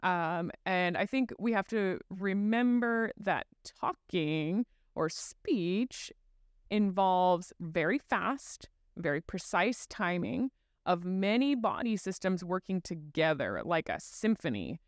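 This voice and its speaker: A woman's voice: fairly low pitch, animated, slow, dry recording, studio quality. A woman who is a guest expert on child speech, explaining step by step in a podcast interview and acting out examples as she goes.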